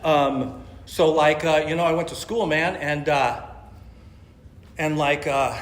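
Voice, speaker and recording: A man's voice: a little high, steady tone, takes it slowly, slight background noise. Middle-aged man from California, casual slangy storyteller at a recovery meeting, echoey hall. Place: meeting room. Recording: echoey meeting room, faint ambience.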